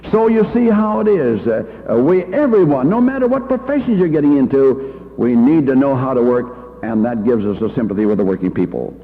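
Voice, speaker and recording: Older man telling folksy stories, gravelly. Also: medium pitch, very animated, brisk, hardly any pauses. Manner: anecdotal, homespun, fillers. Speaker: church education leader. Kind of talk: folksy storytelling talk. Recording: tinny old reel-to-reel in a hall.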